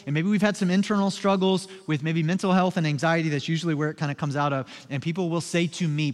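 A pastor preaches a sermon in a large hall with a steady tone. He moves conversationally from soft, low, slow passages to loud, emphatic ones.

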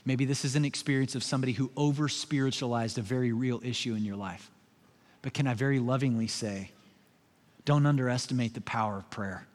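A man preaching a sermon as pastor, moving from soft, low, slow passages to loud, emphatic ones in a conversational way. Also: big-room sound.

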